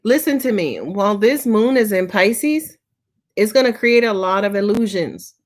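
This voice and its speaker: A woman's voice: medium pitch, animated, normal speed. A woman tarot reader answering viewers' questions on a live stream, talking in a casual, slangy, profane way and sounding tired.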